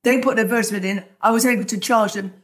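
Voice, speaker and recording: An older woman with a fairly high voice tells her story in a chatty, rambling way. She slips into the voices of the people she quotes as she goes. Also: fairly even intonation, racing. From London, England. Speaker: guest, author. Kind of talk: telling her life story.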